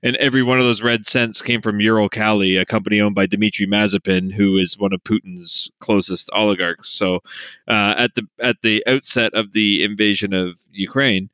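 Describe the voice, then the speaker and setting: A man from Canada co-hosting a casual podcast chat, blunt, swearing freely and quick to correct facts. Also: on the low side, steady tone, bright, forceful tone, clear, resonant tone, no echo. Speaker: podcast co-host.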